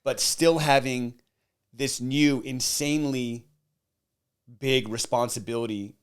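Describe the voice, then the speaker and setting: A man's voice: mid-range voice, steady tone, slow pace, smooth. Chatty male podcast host. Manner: supportive, chatty. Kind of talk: casual interview. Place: podcast studio.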